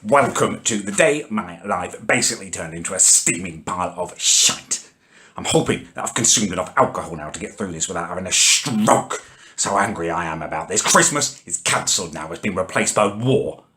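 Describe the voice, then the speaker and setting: Male vlogger, furious sweary comic rant, low-ish voice. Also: animated, moderate pace, pushed and bright. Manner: angry, sweary, exasperated ranting. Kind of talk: comedic rant vlog.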